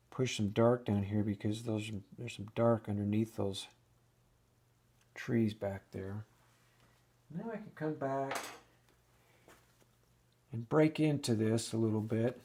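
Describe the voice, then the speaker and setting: A man's voice: on the low side, mellow. A man giving a casual oil painting lesson, thinking aloud and restarting sentences as he works at the easel. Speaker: painting instructor.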